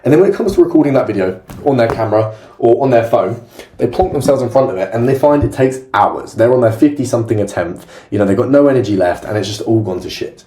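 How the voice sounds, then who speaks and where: A man's voice: medium pitch, expressive, fast, dark tone. A young man coaching in a casual, blunt and direct way. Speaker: sales coach. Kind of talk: casual talking-head tutorial. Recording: roomy echo.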